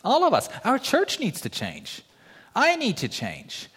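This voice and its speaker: A man preaching a sermon as pastor, in a lively, joking, conversational way, asking rhetorical questions. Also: very high-pitched, measured pace, slightly rough.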